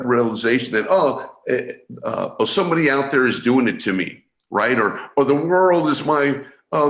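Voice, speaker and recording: A man from San Francisco speaks as an interview guest over a video call, his voice sitting at an ordinary middle pitch. His speech is halting, full of restarts and repeated words, and the room around him rings with a noticeable echo. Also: fairly bright tone. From San Francisco, USA. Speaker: guest, energy awareness coach. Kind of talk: explanatory interview talk. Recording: echoey room sound.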